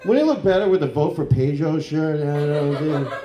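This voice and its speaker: A man works through a crude, rambling stand-up set on a comedy club stage, and his voice sits a little high for a man. He keeps breaking into loud mock voices. The handheld mic picks up an echoey room around him. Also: animated, brisk, slight background noise.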